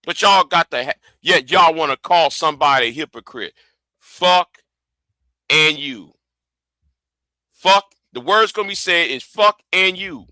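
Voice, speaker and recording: A man's voice: on the high side, expressive, unhurried, pauses often, pushed and bright, no echo. A man hosting a livestream, ranting angrily and profanely, often repeating himself and stumbling over words. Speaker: livestream host. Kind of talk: heated livestream rant.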